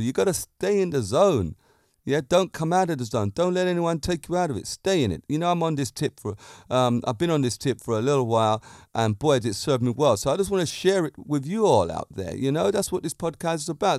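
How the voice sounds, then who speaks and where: A man's voice: fairly high pitch, darkish tone, no echo, clean studio sound. A man hosting a fitness lifestyle podcast, talking in an upbeat, preachy way and cracking jokes. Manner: upbeat and preachy, tells jokes, laughs often. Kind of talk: motivational podcast monologue.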